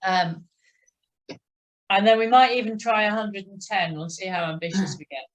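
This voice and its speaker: A woman leading a cycling exercise class, encouraging riders and counting out a steady tick-tock rhythm. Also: mid-range voice, moderate pace. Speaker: cycling instructor.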